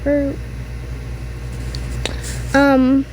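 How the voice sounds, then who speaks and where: A woman casually chatting as she reacts to videos, in a slow, unhurried way. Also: high voice, monotone, darkish tone, a little hiss or hum. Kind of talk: casual chat.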